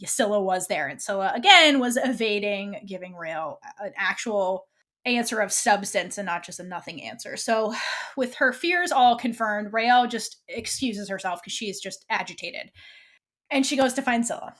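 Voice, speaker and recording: A podcast co-host casually recaps a TV episode, animatedly acting out the characters' lines as she goes. Her voice is medium-pitched at a normal speed.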